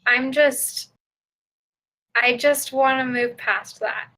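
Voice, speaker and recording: A woman's voice: high-pitched, steady tone, takes it slowly, bright, forceful tone, heavily acted. A woman voicing Laura, a nervous young woman on an awkward dinner date, hesitant and giggly. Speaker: player voicing her character. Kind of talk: improvised tabletop role-play.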